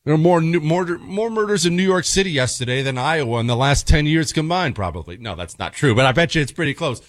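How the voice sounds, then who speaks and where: A male talk-radio host delivers a wry, mock-serious monologue to his listeners. His pitch swings up and down a lot as he jokes, and the studio sound is dry and close, with no room echo. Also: animated, fast.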